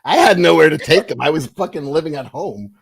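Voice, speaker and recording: A man's voice: on the high side, expressive, brisk, creaky, slightly rough, dry recording. A man co-hosting a comedy podcast, telling crude stories in a rambling, profane way and laughing through them. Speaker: podcast co-host.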